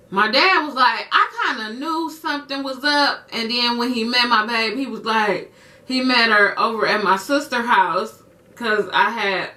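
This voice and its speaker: A young woman vlogger telling a personal story in casual chat, animated and acting out quotes in a high voice, slightly off-mic. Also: distant mic.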